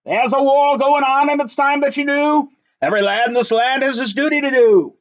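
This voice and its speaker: A pompous storybook general booms out slow, drawn-out orders in a high, strained voice, as a man reading aloud puts him on. The recording sounds dull and lo-fi. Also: steady tone. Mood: commanding. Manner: booming barked commands. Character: blustering pompous male army general.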